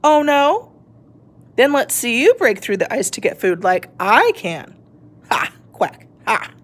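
A woman's voice: fairly high pitch, very animated, slow pace, exaggerated voice. A woman voicing a cocky, mocking duck in a storybook, jeering and scornful.

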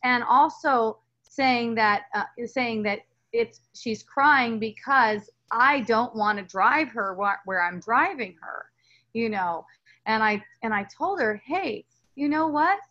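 A woman's voice: on the high side, takes it slowly, pushed and bright, muffled recording. A woman talking as a spiritual teacher in a casual dialogue, earnest and rambling, with many restarts and fillers.

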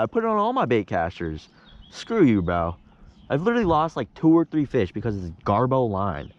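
A young man vlogging from a kayak on a lake, talking casually and getting frustrated or excited over his catches. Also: mid-range voice, brisk, highs cut off. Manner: frustrated, excitable, swears mildly, says "bro". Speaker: fishing vlogger. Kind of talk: casual on-the-water vlog.

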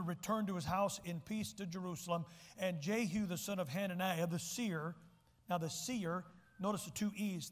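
Man, pastor, sermon, high voice, long church reverb. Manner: folksy, emphatic, repeats words when restarting. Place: church sanctuary.

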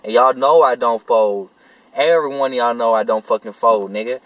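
Young male vlogger, mid-pitch, slangy and sweary, rambles through an animated true-story rant. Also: normal speed, no room sound, low-quality recording. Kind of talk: casual storytelling to camera.

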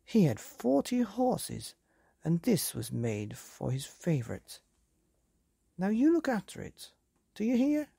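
A woman voicing an old traveller grandmother in a bedtime story, fond and firm, with a gravelly, husky voice. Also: fairly low pitch, wildly swooping pitch, takes it slowly, mellow, no room sound, studio quality, voice pushed up, full character voice. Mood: fond, earnest.

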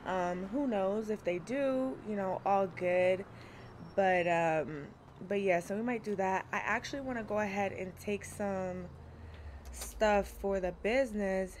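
A woman's voice: medium pitch, measured pace, darkish tone. Young woman streamer, chatty and laughing with her chat, faint noise behind. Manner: chatty, laughs often, greets chat by name. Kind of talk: casual livestream chat.

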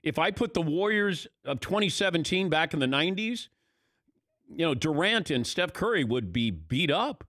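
A man hosting a sports talk radio show, animated and casual, often restarting his sentences. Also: on the high side, normal speed, no room sound.

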